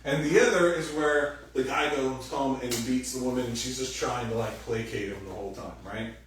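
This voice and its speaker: A man giving a sermon as pastor, animated and conversational, acting out quoted voices loudly. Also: mid-range voice, fairly quick. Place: church hall. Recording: very echoey room, distant mic, faint noise.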